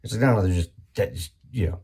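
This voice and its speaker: Low gravelly guy rambling thru a comedy bit, husky and swearing a lot. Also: fast, mellow. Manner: rambling, profane, with many restarts and sudden high-pitched acted-out bursts.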